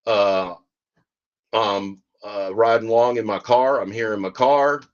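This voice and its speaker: A man's voice: on the low side, steady tone, a little slow, muffled recording, close to an everyday voice. A man mocking a smug sneering driver vlogger. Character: smug scornful male gig-driver video maker.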